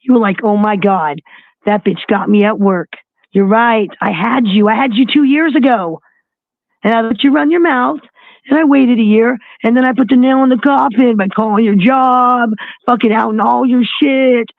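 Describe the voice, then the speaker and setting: A woman's voice: on the high side, moderate pace, creaky, dry recording. A woman ranting on a livestream, mocking and scornful, swearing constantly. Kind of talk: heated livestream rant. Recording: tinny phone-like line.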